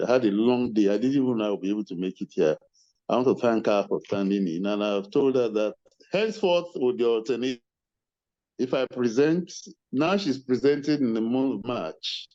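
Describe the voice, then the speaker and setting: A man's voice: medium pitch, mellow. An older man gives earnest closing remarks as a webinar convener, speaking over a video call. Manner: earnest, measured, thanks attendees by name. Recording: muffled video-call audio.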